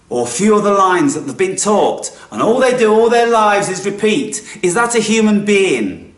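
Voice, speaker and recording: A man giving a spiritual monologue, theatrical and blunt, dropping to hushed whispers and rising to loud outbursts, and swearing casually. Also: high voice, big pitch swings, moderate pace. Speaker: spiritual speaker. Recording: echoey room, mic far off.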